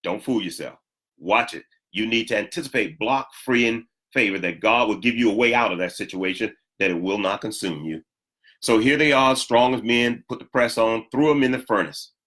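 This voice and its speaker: A male pastor preaching a sermon, emphatic, repeating key lines and swinging sharply up and down in pitch for emphasis. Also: normal speed, a bit bright.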